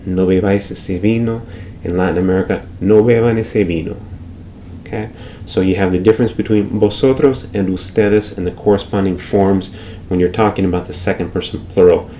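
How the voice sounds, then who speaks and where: Male language teacher, lecturing, slow repeated examples, faint hiss behind. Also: fairly low pitch, mellow, highs cut off. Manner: explanatory, repeats example phrases slowly. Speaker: Spanish teacher.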